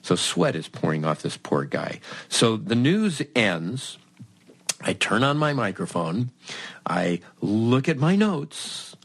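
A man's voice: fairly low pitch, sing-song, slow, husky, dry recording. A man hosting a podcast, telling a comic anecdote in a wry, self-mocking way and acting out both sides of the dialogue. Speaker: podcast host.

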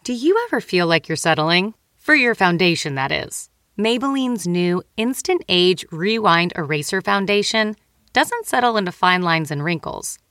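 A woman reading a scripted commercial in a soft, persuasive tone. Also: on the low side, lively intonation, moderate pace, no room sound, studio quality. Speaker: ad voice-over. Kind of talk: scripted ad read.

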